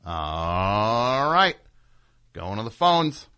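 A man's voice: lowish voice, very animated, drawn-out words, pushed and bright, clean tone. A man hosting a comedy talk radio show, chatting casually with wry, dry asides. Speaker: radio host.

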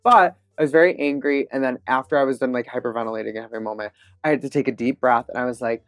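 A woman guest on a podcast, telling stories with confident, animated energy. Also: extremely low pitch, no echo, clean studio sound, faint music behind. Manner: animated, confident, quick laughs. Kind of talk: casual interview storytelling.

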